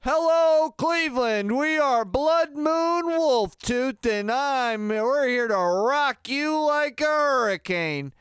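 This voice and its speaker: A man's voice: very high-pitched, lively intonation, slow pace, hardly any pauses, fairly bright tone, dry recording, pitched above the performer's own voice, heavily acted. A man putting on the voice of a brash, boastful male rock star, drawn out and bellowed. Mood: bellowing.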